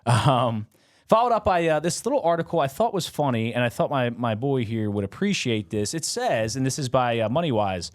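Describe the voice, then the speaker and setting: A man's voice: medium pitch, sing-song, fairly quick. A young man co-hosting a casual podcast, rambling with many fillers and laughs. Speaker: podcast co-host.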